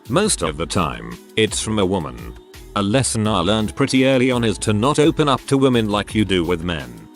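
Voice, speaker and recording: A man with a lowish voice narrates reader-submitted posts as a scripted read, and his pitch still swings widely from line to line. He reads lists and quotes plainly and spells out abbreviations letter by letter. Soft music plays underneath.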